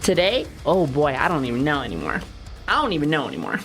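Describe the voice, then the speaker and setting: Young woman streaming, low voice, jokey and chatty, swears a lot, faint music behind. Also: wildly swooping pitch, fast, a bit bright. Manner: playful, joking, swearing, chatty with viewers. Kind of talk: casual livestream chat.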